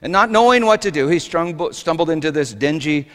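A man's voice: on the high side, lively intonation, fairly quick, fairly bright tone. A male pastor preaching a sermon, telling stories in an earnest way. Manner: storytelling, earnest. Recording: long hall reverb.

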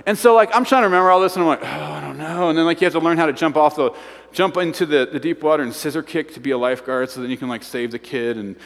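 A man preaching a sermon, telling stories in an animated, self-mocking way. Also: fairly high pitch, racing. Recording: long hall reverb.

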